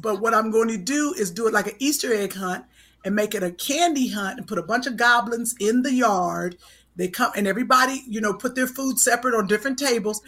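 Woman cohost, bright voice, teasing, chatty, a bit high. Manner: expressive, teasing. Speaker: podcast co-host. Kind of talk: casual comedic chat.

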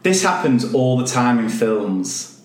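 A man chatting on a podcast, telling stories and reading quirky headlines with dad jokes. His voice sits at an ordinary middle pitch. The sound is roomy and echoey. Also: very animated, slow pace. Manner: jokey, storytelling, reads news headlines aloud. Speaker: podcast co-host. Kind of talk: casual chat.

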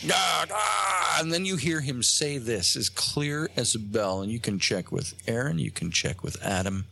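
A man, a guest on a talk show, tells a long story in a halting way, with many fillers and restarts. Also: medium pitch, gravelly, bright, forceful tone. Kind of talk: casual storytelling on a radio show. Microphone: phone line.

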